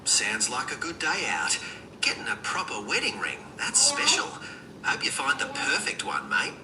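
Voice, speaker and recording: A man's voice: mid-range voice, wildly swooping pitch, normal speed, roomy sound, background noise. A synthetic man's voice with an Australian accent, answering questions in a laid-back, slangy, noncommittal way. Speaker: AI voice assistant. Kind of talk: conversational answers.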